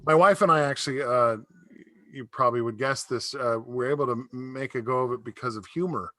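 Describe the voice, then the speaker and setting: A man's voice: medium pitch, brisk, fairly bright tone, no echo. A middle-aged man doing a stand-up comedy set over a video call, telling rambling stories and laughing at his own jokes.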